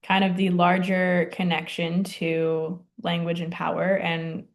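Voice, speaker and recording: A woman's voice: fairly low pitch, monotone, takes it slowly. A young adult woman presenting a class project, hesitant and full of ums and likes. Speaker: student presenter.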